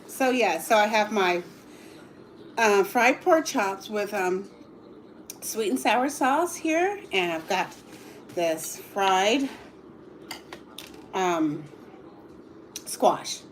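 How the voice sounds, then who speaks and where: Middle-aged woman, livestream chat over dinner, slow unhurried talk, murmurs while tasting, laughs a lot, faint dish clatter behind. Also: mid-range voice, animated, slight background noise. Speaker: livestream cooking host. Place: home dining table.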